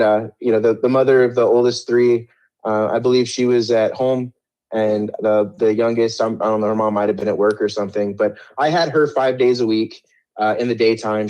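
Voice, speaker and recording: A man's voice: lowish voice, flat delivery, normal speed, darkish tone. A middle-aged man telling his story in an interview, rambling with many restarts and a defensive edge.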